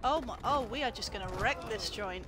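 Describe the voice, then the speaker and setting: A woman streaming a game late at night from home, excitable, giggly and sweary as she commentates. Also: on the high side, a little fast, over music. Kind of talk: live gameplay commentary.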